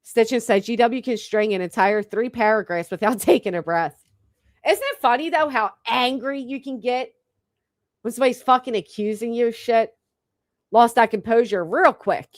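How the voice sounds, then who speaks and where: A woman's voice: on the high side, moderate pace, no room sound, clean studio sound. A woman hosting a reaction stream, talking bluntly and profanely to her chat. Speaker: livestream commentary host.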